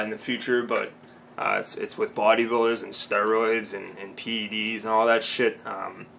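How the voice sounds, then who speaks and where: A man's voice: mid-range voice, fairly bright tone, slight background noise. A man in his twenties from Boston, rambling casually in a vlog recap, with many ums and restarts and frequent swearing. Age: 20s. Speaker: vlogger.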